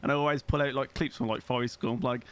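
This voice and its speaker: A man's voice: mid-range voice, fairly even intonation, quick pace, smooth. A man hosting a game stream, chatting casually and joking at his own expense. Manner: jokey, laughs at himself. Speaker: streamer host.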